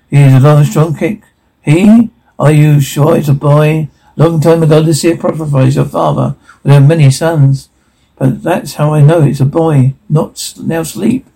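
A man reading audio description, voicing sound cues and dialogue in a flat, even way. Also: a little high, creaky, slightly rough, low-quality recording.

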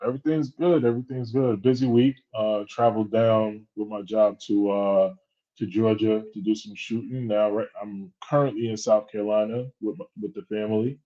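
A man's voice: lowish voice, steady tone, normal speed, dark tone. Laid-back man on dull, lo-fi remote audio. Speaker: podcast co-host. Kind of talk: casual podcast chat. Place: traveling, remote from a family home. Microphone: portable travel recording kit.

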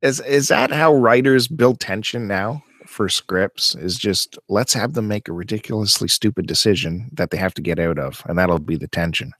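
A man co-hosting a podcast in casual chat, who bursts into animated, exasperated rants. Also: fairly low pitch, moderate pace, hardly any pauses, no room sound, clean studio sound. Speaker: podcast co-host.

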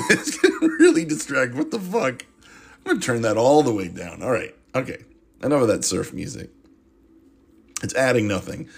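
Male podcast host, lowish husky voice, rambling and sarcastic, swears casually. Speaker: podcast host reviewing a movie. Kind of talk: casual comic monologue.

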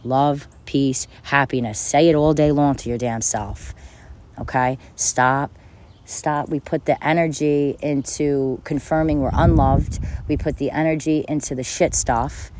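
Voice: medium pitch, fairly even intonation, measured pace, darkish tone, slight background noise. A self-help speaker giving a casual motivational monologue, talking bluntly and repetitively, with frequent swearing and bursts of laughter.

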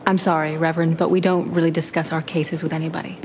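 A guarded lawyer in a TV drama, curt and fairly low-voiced. Clear room noise hangs behind her lines. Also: level tone, quick pace.

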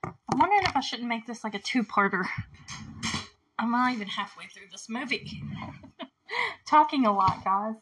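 A young woman hosting a podcast, recapping a film in casual solo chat, full of "like" and "you know" and quick laughs. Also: on the high side, big pitch swings, a bit bright, slightly rough. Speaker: podcast host recapping a movie.

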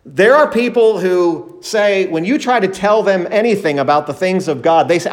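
A pastor delivers an emphatic sermon in a fairly high male voice. He slows down to stress words and lifts his voice when acting out quoted speech. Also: animated. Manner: emphatic preaching, acts out quoted disciples in a raised voice.

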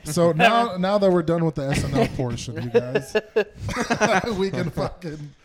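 A man co-hosting a comedy podcast, chatting casually with a relaxed, swearing, tangent-filled manner. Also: sits high, a little slow, crowd noise. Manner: laid-back, swearing, tangents. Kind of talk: casual banter.

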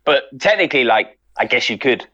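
Young man, casual banter, slangy, lively swinging pitch. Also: fairly quick, muffled recording. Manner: slangy, jokey, argumentative. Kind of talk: casual chat among friends.

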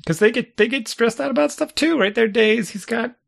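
A man's voice: very high-pitched, brisk, vocal fry. A middle-aged man chatting casually as a podcast co-host, reflective, thinking aloud and laughing often. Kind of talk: casual chat.

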